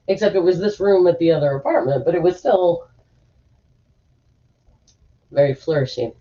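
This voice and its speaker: A woman's voice: fairly low pitch, moderate pace, long pauses, dark tone, lo-fi sound. A woman hosting a stream from a room at home, rambling in casual chat with lots of fillers and asides while reading an article aloud. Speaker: streamer host.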